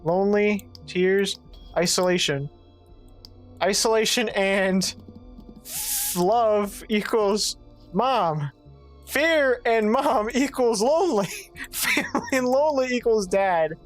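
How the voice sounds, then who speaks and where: A woman streamer giving let's play commentary, thinking out loud, swearing freely and reading game text aloud, with faint game music behind. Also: medium pitch, animated, slow. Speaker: gaming streamer.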